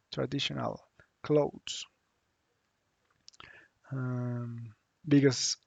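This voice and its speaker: A man teaching a lesson, thinking aloud slowly with hums and restarts as he works on screen. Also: fairly high pitch, gravelly, darkish tone, no echo, lo-fi sound. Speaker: Spanish teacher. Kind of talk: screen-share language lesson.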